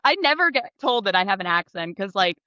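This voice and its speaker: A woman's voice: medium pitch, very animated, a little fast, bright, forceful tone, no echo. A woman with a Connecticut accent, co-hosting a podcast in chatty talk full of "like". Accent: Connecticut, New England. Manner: chatty, leans on "like". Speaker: podcast co-host, travel advisor. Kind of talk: casual podcast chat. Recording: dull, lo-fi mic.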